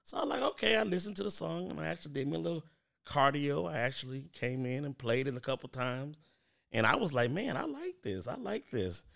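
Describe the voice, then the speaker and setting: This podcast host is a thirties-aged man going it alone, casually talking right to his audience, whom he calls "y'all." Pitched on the high side, he sounds gravelly yet a bit bright, very animated and fairly quick, often restarting and dropping in fillers.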